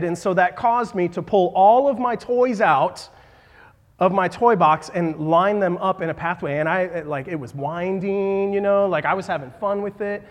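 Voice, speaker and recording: A man in his thirties preaching a sermon in a church hall, halting with fillers and restarts and joking about himself. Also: high voice. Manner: halting, many fillers and restarts, self-deprecating asides. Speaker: pastor. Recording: long reverb of a hall.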